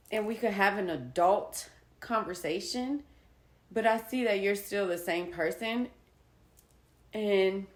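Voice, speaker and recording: A woman's voice: mid-range voice, roomy sound. A woman candidly retelling a personal co-parenting story to her viewers, acting out quoted conversations. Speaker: vlogger sharing personal experience. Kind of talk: casual personal storytelling to camera.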